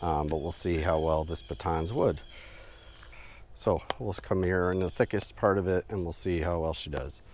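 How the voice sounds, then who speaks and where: A man casually narrating an outdoor knife test, relaxed and rambling with lots of fillers, outdoors in the woods. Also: deep voice, normal speed, very noisy. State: a bit out of breath. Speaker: outdoor gear reviewer.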